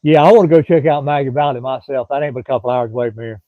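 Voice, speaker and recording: A man's voice: medium pitch, racing, no room sound. A middle-aged man from Florida with a Southern accent, rambling in casual live-stream chat and answering viewers by name. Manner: rambling, folksy, drawling, chats to commenters by name. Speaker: livestream host. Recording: dry, thin phone-like sound.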